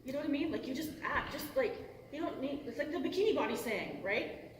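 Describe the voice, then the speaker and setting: A middle-aged voice actress talking casually on a convention panel, rambling and breaking off mid-thought, swearing and laughing often. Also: female voice, high voice, lively intonation, fairly quick. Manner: rambling and self-interrupting, cusses, laughs often. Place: large convention hall. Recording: echoey hall from far off, noisy.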